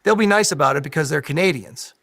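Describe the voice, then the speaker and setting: A man's voice: on the high side, lively intonation, fast talker, vocal fry, a bit bright, no room sound, studio quality, full character voice. A man impersonating a smug young male political heir in a satirical news sketch.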